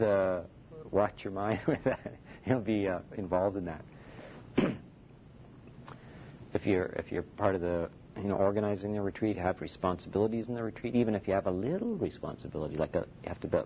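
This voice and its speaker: A man teaching a meditation retreat in a relaxed, conversational dharma talk, often saying "you know" and chuckling softly. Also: brisk. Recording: dull lo-fi recording with faint rumble.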